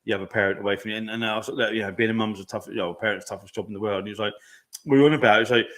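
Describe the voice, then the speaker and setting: A quick-talking man with a bright, forceful voice. He co-hosts a casual podcast, swears constantly and tells stories by acting out both sides of an argument. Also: fairly low pitch, level tone. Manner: profane, rambling, acts out arguments. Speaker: podcast co-host. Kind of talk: casual chat.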